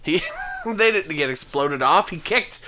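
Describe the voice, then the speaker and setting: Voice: expressive, unhurried, background noise. A podcast co-host chatting casually, laughing a lot and swearing. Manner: laughs a lot, swears, slips into squeaky old-man impressions. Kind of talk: casual chat.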